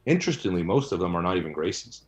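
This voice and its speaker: A man's voice: sits low, sing-song, rapid-fire. A man interviewed about his book, answering bluntly and argumentatively, often tagging his points with "right?" and "you know". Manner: blunt, argumentative, rhetorical asides.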